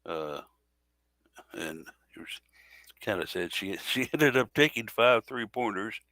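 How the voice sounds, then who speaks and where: A man with a very low, bright voice co-hosts a casual sports podcast. He talks haltingly, with many fillers and quick self-corrections. The sound is dry and close. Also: animated, no room sound. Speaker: podcast co-host.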